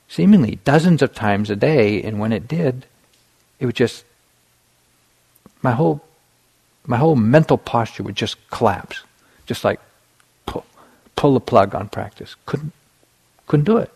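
A middle-aged man giving a meditation dharma talk, telling a personal story in a relaxed way with many fillers and restarts. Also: medium pitch, measured pace, creaky, long pauses, slightly rough. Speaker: meditation teacher.

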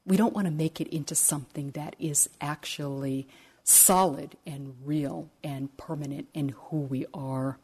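A woman meditation teacher gives a dharma talk in a gentle, reflective way, with stories woven in. Her voice is low and mellow. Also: a little slow, breathy edge.

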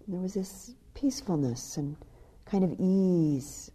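A woman meditation teacher giving a dharma talk. She tells a story softly, often dropping to a hushed near-whisper. Her voice is low, very dark and husky. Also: animated, unhurried. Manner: soft, storytelling with hushed passages.

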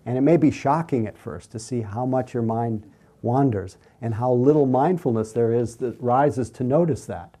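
A man leading a mindfulness class, with a very dark, mellow tone. He speaks gently and without hurry, easing listeners toward calm. His voice sits at a middle pitch. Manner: gentle, unhurried, soothing. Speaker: meditation teacher. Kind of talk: mindfulness talk with questions.

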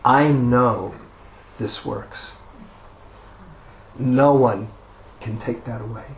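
A man giving a dharma talk as a meditation teacher, telling a personal story in an unhurried way with self-deprecating humor. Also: mid-range voice, fairly even intonation, a little hiss or hum, poor audio.

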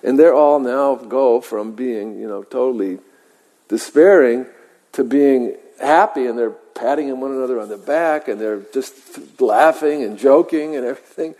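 Mellow-voiced man giving a reflective talk. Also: medium pitch. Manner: measured, reflective, halting pauses. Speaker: meditation teacher. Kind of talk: dharma talk storytelling. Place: meditation hall. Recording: long hall reverb.

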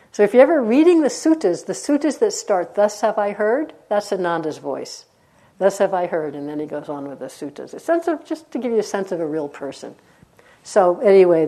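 A woman meditation teacher giving a dharma talk, telling stories in a conversational way with frequent laughter. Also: fairly low pitch. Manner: warm conversational storytelling, laughs often.

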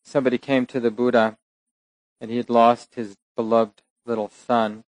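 A man giving a meditation dharma talk, retelling a teaching story in a reflective, unhurried way and pausing to correct himself. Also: medium pitch, little pitch movement, no room sound, poor audio. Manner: unhurried, reflective, with occasional laughs and self-corrections. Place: meditation center hall.

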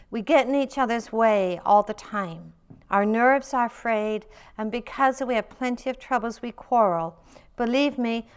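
A woman reading a story aloud, voicing a desperate poor man who pleads and laments loudly. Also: mid-range voice, clear, resonant tone, natural voice. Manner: loud, pleading, lamenting outbursts.

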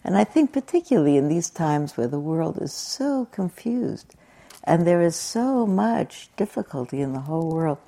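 A woman's voice: low voice, big pitch swings, moderate pace, vocal fry, mellow. An older woman giving a conversational, reflective dharma talk as a meditation teacher. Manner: conversational and reflective, with laughing asides.

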